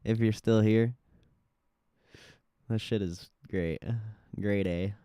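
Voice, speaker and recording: A man's voice: on the low side, steady tone, takes it slowly, mellow, clear, resonant tone, no room sound, clean studio sound. A man hosting a casual livestream, joking loosely and laughing often, saying his voice feels off. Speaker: livestream host.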